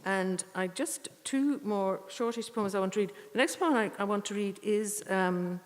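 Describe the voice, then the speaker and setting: A woman giving a poetry reading with short spoken introductions, earnest and unhurried, with thoughtful pauses. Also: medium pitch. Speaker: poetry reader at a tribute evening. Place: church. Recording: echoey church hall.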